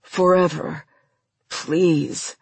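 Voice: medium pitch, steady tone, very slow, creaky, slightly rough, no room sound, heavily acted. A narrator voicing a desperate man who pleads with his lover, in a voice close to the narrator's own. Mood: pleading. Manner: pleading, urgent.

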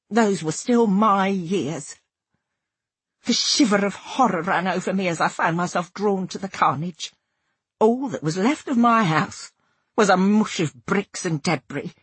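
Very husky woman narrating. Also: fairly low pitch, no echo. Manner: expressive, acts out dialogue. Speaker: audiobook narrator. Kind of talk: scripted first-person narration.

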